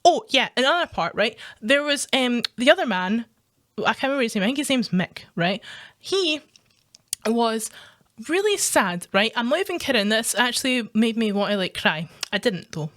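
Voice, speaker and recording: Speaking at a normal pace in a slightly high voice, a Scottish woman streams reaction commentary. She rants with animation, swears heavily, and laughs frequently throughout.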